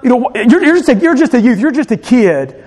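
A scornful older brother sneers at his kid sibling in a high, lively voice, as a male preacher puts him on. He talks mockingly and dismissively, and his words tumble out in restarts. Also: a little fast, in a large hall, exaggerated voice.

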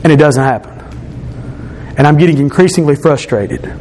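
High-voiced man giving an earnest testimony. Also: lively intonation, moderate pace, darkish tone, a little hiss or hum. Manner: earnest, repeats phrases for emphasis. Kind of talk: personal testimony.

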